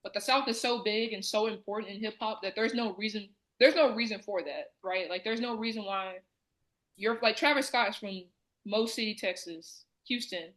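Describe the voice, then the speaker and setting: A woman's voice: medium pitch, moderate pace, a bit bright, poor audio. A woman from the American South, co-hosting a podcast in casual chat, talking loosely with plenty of fillers. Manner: chatty, many fillers. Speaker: podcast co-host.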